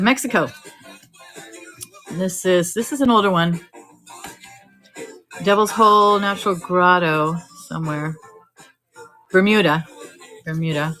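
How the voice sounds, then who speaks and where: A woman selling postcards on a live-stream auction, talking briskly and joking as she sorts through stacks. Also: lowish voice, fairly bright tone, rough recording. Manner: brisk, joking, thinking aloud while sorting items. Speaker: online auction seller.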